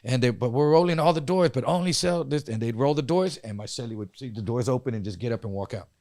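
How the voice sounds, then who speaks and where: A man's voice: mid-range voice, fast talker, darkish tone, dry recording, studio quality. Profane man telling a story. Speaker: podcast co-host. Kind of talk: casual storytelling.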